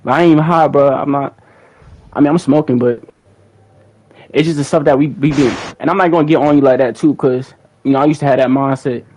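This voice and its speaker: A man's voice: medium pitch, fairly even intonation, a little fast, a little mellow, poor audio. A young man hosting a livestream, chatting casually to his viewers in a rambling, slangy way, often repeating words. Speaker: livestream host.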